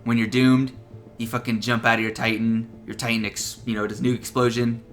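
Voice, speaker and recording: A man's voice: medium pitch, flat delivery, brisk, soft background music. A young man giving casual, profane gameplay tips as a voice-over, laughing at his own jokes. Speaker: gaming video creator.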